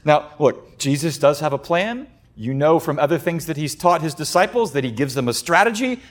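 A man preaching a sermon, animated, acting out quoted voices in loud high bursts and dropping to a soft, quiet delivery on key points. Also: a little fast, few pauses. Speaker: pastor.

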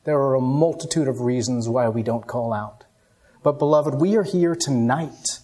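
A man giving an evening sermon, telling a story dramatically and moving between hushed and raised passages. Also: mid-range voice, a little slow, pauses often. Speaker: pastor.

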